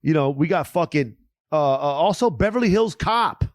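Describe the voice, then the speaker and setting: A man's voice: a little high, animated, moderate pace, no echo, studio quality. A man co-hosting a comedy podcast, joking and swearing as he rambles about movies. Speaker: podcast co-host. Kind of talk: casual comedy podcast banter.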